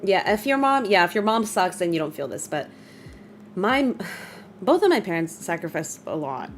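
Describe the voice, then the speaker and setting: A young adult woman streamer chatting casually with her viewers, emotional and quick to laugh. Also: mid-range voice, big pitch swings. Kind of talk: casual live-stream chat. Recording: faint music behind.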